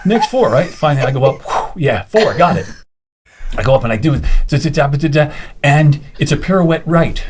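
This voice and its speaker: A man telling an animated anecdote as a guest, acting out the quoted people with big leaps in pitch. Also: fairly quick, a little hiss or hum. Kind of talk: animated storytelling.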